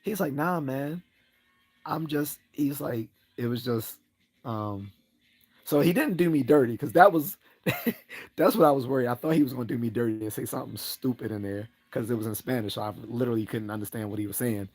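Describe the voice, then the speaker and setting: A man's voice: fairly quick, a little mellow, slightly rough. Laughing man telling a rambling story. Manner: rambling, laughs often, acts out quoted lines in a higher voice. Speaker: livestream host. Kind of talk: casual storytelling on a livestream.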